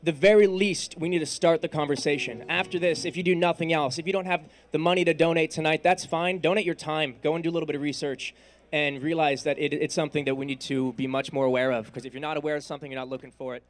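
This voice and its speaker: A man's voice: on the high side, steady tone, quick pace. Earnest man talking from the stage. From San Diego, California. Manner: casual, earnest, addresses the crowd directly. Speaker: singer performing on stage. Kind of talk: live stage talk between songs. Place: stage at an awards event.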